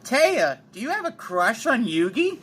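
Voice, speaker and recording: A man's voice: extremely high pitch, very animated, unhurried, a bit bright, slight background noise, pitched above the performer's own voice, heavily acted. A man voicing a confident, teasing young woman duelist in a raised, breezy voice.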